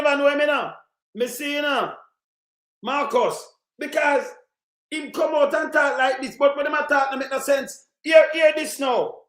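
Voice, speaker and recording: Ranting Jamaican man, high and roomy. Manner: ranting, repetitive, often shouting in Jamaican patois. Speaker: livestream commentator. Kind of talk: heated live news commentary.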